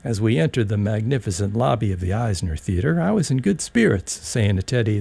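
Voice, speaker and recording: Gravelly guy reading a story, lively ups and downs, dry close sound. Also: on the low side, brisk, few pauses, no echo. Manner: wry, rambling storyteller. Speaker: narrator. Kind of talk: audiobook reading, first-person story.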